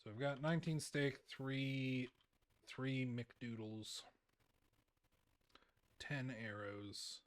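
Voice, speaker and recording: A young man chatting loosely while he plays, drawling at an unhurried pace. He rambles, restarts his words and breaks into laughter often. His voice sits at an ordinary middle pitch. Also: steady tone. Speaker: streamer. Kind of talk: casual gaming commentary.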